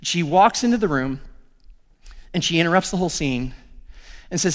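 A male pastor giving a sermon, telling the story with animated acted-out dialogue. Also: fairly high pitch, normal speed, pauses often, in a large hall.

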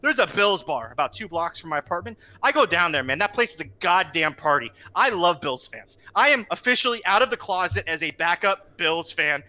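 A man's voice: sits high, animated, a little fast, few pauses, bright, forceful tone, highs cut off. A young man co-hosting a podcast, ranting with exasperation and lots of swearing in casual chat. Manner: exasperated, profane, heated ranting. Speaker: podcast co-host.

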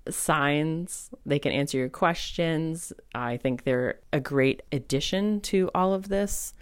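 A woman hosting a solo spiritual podcast, telling personal stories in a chatty, animated way with lots of fillers. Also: low-pitched, takes it slowly, smooth, no room sound, clean studio sound. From New England. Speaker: podcast host and medium.

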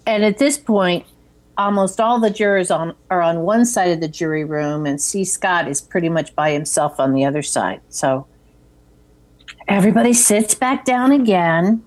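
A woman's voice: on the low side, moderate pace. A woman co-hosting a podcast, chatting casually as she retells film scenes and acts out the quoted lines. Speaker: podcast co-host. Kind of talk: casual chat recapping a film.

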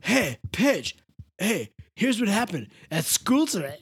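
A man's voice: high voice, very animated, slow, husky, heavily acted. A man putting on a goofy surfer-bro teacher. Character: laid-back surfer-bro male teacher.

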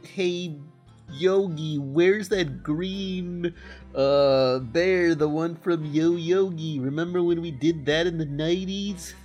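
A man voicing a dopey young male cartoon bear cub who rambles wistfully in a drawn-out, whiny way. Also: fairly high pitch, darkish tone, dull audio, faint music behind, pitched above the performer's own voice.

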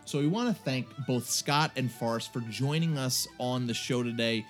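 A man co-hosting a tabletop gaming podcast in casual chat, talkative and quick to laugh at himself. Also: mid-range voice, soft background music. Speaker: podcast co-host.

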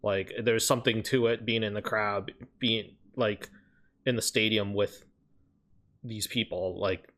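A man's voice: lowish voice, fairly even intonation, unhurried, a bit bright. A man chatting casually on a podcast, rambling with lots of fillers and casual swearing. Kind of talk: casual chat.

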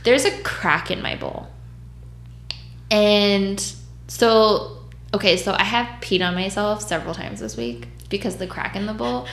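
A woman's voice: mid-range voice, measured pace, a bit bright. A woman who works as a mobile dog groomer, telling stories in a blunt, profane, casual way and acting out other people's voices. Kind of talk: casual storytelling chat. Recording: roomy echo.

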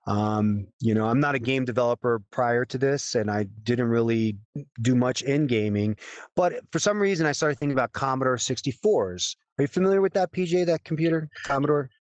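A man as a podcast guest, telling a long story with animated quoted dialogue. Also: mid-range voice, brisk, no echo. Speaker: guest game developer.

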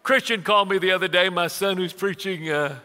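A man in his sixties preaching with a high, bright, ringing voice. He tells stories like he is chatting, drops to near-whispers, then jumps up loud. The long reverb of a big hall trails after every line. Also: brisk, smooth. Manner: animated, conversational preaching that swings from hushed to loud. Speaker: pastor. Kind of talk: sermon with storytelling.

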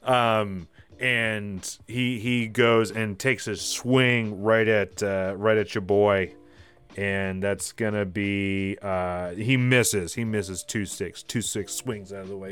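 A man's voice: on the low side, fairly even intonation, slow, a bit bright, clear, resonant tone. A man narrating a tabletop game as game master, rambling with many fillers and laughing asides.

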